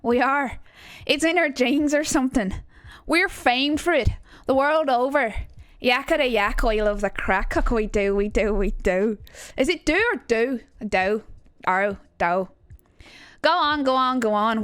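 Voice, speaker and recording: A woman's voice: sits high, fairly bright tone, smooth, no room sound. A woman voicing a chatty, gossiping Irish local in a put-on Irish accent, delivering a crude, confiding monologue.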